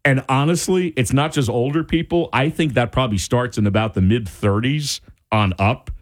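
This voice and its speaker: A man's voice: medium pitch, normal speed. A middle-aged man hosting a talk radio show, ranting in an exasperated, casual monologue.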